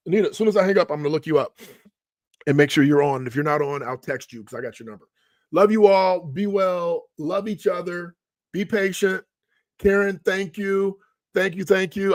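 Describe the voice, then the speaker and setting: A middle-aged man, a money coach hosting a live stream, talking in an energetic, emphatic way and repeating phrases for effect. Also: a little high, no echo. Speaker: money coach and show host. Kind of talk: motivational live-stream talk.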